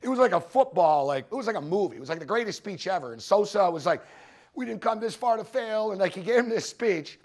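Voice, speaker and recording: High-voiced guy at a conference, swearing a lot, telling betting stories and repeating his point. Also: expressive, fast, few pauses, a little mellow. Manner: profane, storytelling, punchy repetitions. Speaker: sports betting show host giving a conference talk. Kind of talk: animated anecdotal presentation. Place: conference room with audience.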